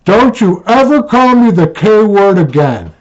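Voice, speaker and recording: A man's voice: high-pitched, wildly swooping pitch, moderate pace, warm tone, pitched above the performer's own voice, exaggerated voice. A man voicing his stubborn, argumentative girlfriend in a raised voice. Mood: indignant. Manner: insistent, argumentative. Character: indignant stubborn girlfriend, young woman. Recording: dull lo-fi sound.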